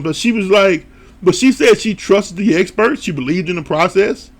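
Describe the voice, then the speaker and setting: Gravelly man recapping a show. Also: high voice, normal speed. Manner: animated storytelling, laughing often; swears casually. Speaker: TV show reviewer. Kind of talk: casual recap commentary.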